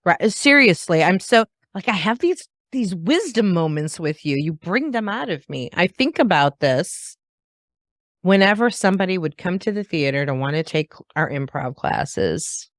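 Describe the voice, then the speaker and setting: A woman hosting a podcast in casual conversation, animated, laughing often and acting out what others say. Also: fairly low pitch, normal speed, no room sound, studio quality. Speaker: podcast host.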